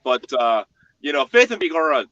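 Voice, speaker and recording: A man from the United States chatting on a livestream panel, excitable and often repeating himself. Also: on the high side, normal speed, no room sound, lo-fi sound. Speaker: panel member. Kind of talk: casual chat on a livestream panel.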